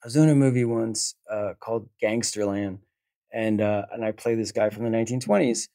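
A man's voice: lowish voice, fairly even intonation, a little fast, warm tone, no echo, clean studio sound. Rambling man telling a story. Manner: rambling storyteller, acts out quotes. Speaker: actor guest. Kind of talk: casual chat.

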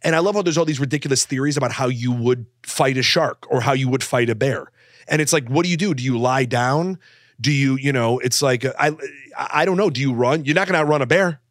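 A man's voice: medium pitch, fairly quick, dry recording, clean studio sound. A man co-hosting a comedy podcast, joking and rambling with lots of fillers. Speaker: podcast co-host. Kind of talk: casual comedic chat.

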